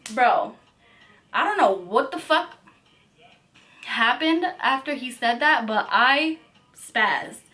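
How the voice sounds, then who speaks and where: A young woman vlogger telling a storytime tale in a profane, animated way, saying "like" constantly. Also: high voice, takes it slowly, pauses often, faint music behind. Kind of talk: storytime vlog.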